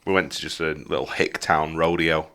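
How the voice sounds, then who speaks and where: Very low, bright, forceful male co-host, blunt and sweary. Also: level tone, fairly quick, smooth. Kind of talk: casual podcast chat.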